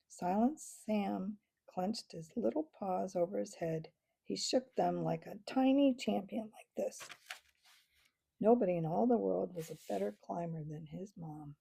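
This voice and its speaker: A woman reading a children's book aloud, expressive and unhurried, with small slips here and there. Her voice is gravelly, husky and mellow. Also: mid-range voice. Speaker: storyteller.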